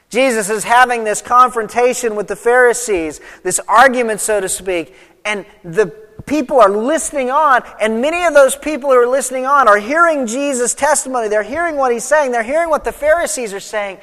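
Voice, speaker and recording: High-voiced male preacher in a reverberant hall. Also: fairly bright tone. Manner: reads scripture aloud, then expounds with emphatic swings of pitch and volume. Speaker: pastor. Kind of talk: sermon.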